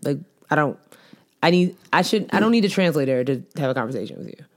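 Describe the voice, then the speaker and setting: A woman co-hosting a podcast, chatting casually in animated, slangy banter with frequent laughs. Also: deep voice, quick pace. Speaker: podcast co-host. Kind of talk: casual chat.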